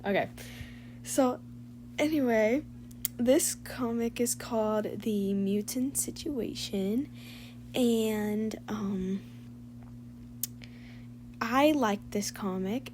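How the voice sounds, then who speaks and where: A woman's voice: medium pitch, darkish tone, a little hiss or hum. A young woman who makes fan voice-overs, chatting casually with her viewers in a gushing, emotional, rambling way. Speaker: fan voice-over creator.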